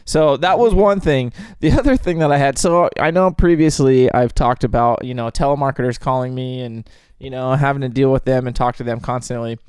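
A man's voice: mid-range voice, a little fast, a little mellow, clean tone, dry recording, clean studio sound. A man co-hosting a podcast, telling stories in laid-back casual chat, saying dude a lot and laughing at his own jokes. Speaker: podcast co-host.

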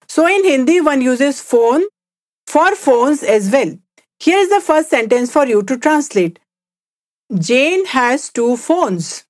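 Woman reading a language lesson, clear and measured, lots of ups and downs in her voice. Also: sits high, expressive. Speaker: language teacher.

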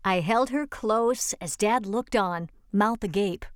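For a reading service, a volunteer with a medium-pitched voice slowly reads a true-life story aloud, raising her voice for quoted lines. The studio-quality recording has no room sound.

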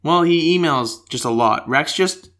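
A woman's voice: low-pitched, expressive, a little slow, fairly bright tone. A woman hosting a casual podcast, bantering and laughing at herself. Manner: giggly, self-deprecating banter. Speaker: podcast host.

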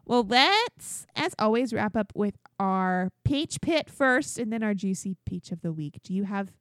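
A young woman co-hosting a podcast in casual chat, telling stories with lively acted-out quotes. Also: medium pitch, unhurried, dry recording, clean studio sound. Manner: animated storyteller, acts out quotes loudly. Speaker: podcast co-host.

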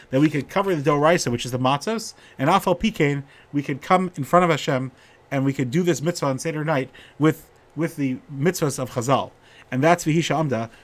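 A middle-aged man giving an informal Torah talk, telling stories and getting animated when he quotes the people in them. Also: medium pitch. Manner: storytelling, animated when quoting characters.

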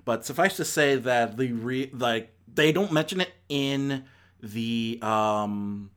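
A man talks casually through a movie review at an ordinary mid-range pitch. He rambles, restarts his sentences and fills the gaps with lots of ums and uhs. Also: slow pace, a bit bright.

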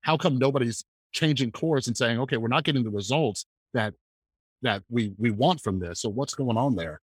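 Man, podcast host, halting questions, lots of fillers, dry close mic. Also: medium pitch, slightly rough, dry recording. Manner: hesitant, with many fillers and restarts while asking questions. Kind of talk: casual interview conversation.

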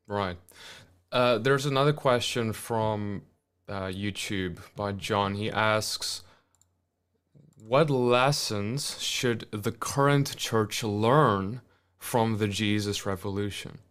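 A man's voice: on the low side, slow pace, a bit bright, smooth. A man hosting a podcast interview, reading viewer questions and reflecting aloud, building his points with rhetorical questions. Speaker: podcast host.

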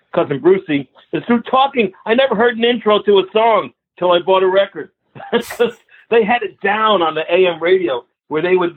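A man in his later years, a guest musician telling animated stories with frequent laughs in a casual interview. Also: high voice, breathy edge. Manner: animated storyteller, laughs often. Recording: tinny phone line.

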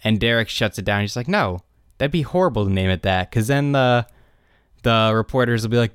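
Young male podcast co-host, animated recap, smooth clear tone, dry close sound. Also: mid-range voice, brisk, no room sound. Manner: animated retelling, quotes characters in raised voices. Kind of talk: casual chat.

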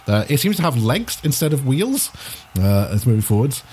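A man's voice: medium pitch, big pitch swings, moderate pace, darkish tone, slightly rough. A man narrating a tabletop race game as game master, rambling with many fillers and frequent laughs.

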